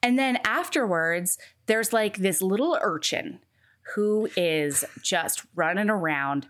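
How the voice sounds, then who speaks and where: Woman co-host, mid-pitched, chatty recapper who swears casually. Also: slow. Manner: animated retelling with casual swearing. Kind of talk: casual book chat.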